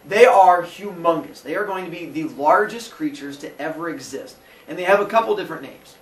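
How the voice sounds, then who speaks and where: A man teaching a class, telling a myth in a comic way and jumping into quick character voices. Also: fairly high pitch. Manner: animated, jokey, acts out characters in quick voices. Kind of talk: comic storytelling lesson. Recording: roomy echo from far off with faint noise.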